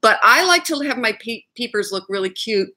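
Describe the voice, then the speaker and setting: A woman's voice: on the high side, expressive, fairly quick, bright, forceful tone. A woman in her forties, co-hosting a live beauty show and chatting playfully while she does her makeup. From Texas, USA. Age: 40s. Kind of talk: live makeup tutorial chat.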